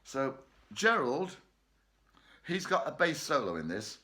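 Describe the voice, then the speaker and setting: With a medium-pitched voice that swings widely, a slow pace, and a bright, forceful tone, a man leads an online choir rehearsal. He's in his bedroom at home, keeping the chat casual with jokes and plenty of laughter.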